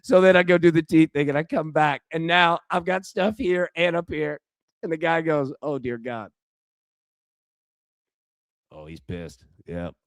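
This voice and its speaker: This male streamer hosts live sports betting, reacting to a baseball game and talking casually with his audience amid plenty of fillers and false starts. He has a fairly high, expressive voice at normal speed, with clean studio sound and no room noise.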